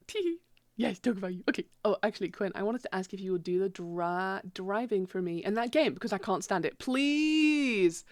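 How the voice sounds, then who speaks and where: A woman in her thirties streams live from her home PC, her mid-range voice recorded with no room sound. She chats casually and animatedly, swearing freely and laughing often.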